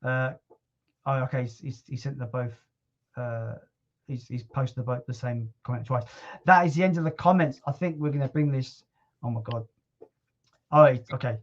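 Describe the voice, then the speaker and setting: A man hosting a casual livestream chat, relaxed and chatty, with casual swearing. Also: mid-range voice, moderate pace, dull audio. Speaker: livestream host.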